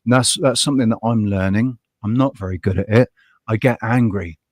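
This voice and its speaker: A man's voice: fairly low pitch, a little fast, dry recording. A man hosting a livestream, talking casually in a rambling, passionate way, his voice rising when he gets heated. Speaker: live show host.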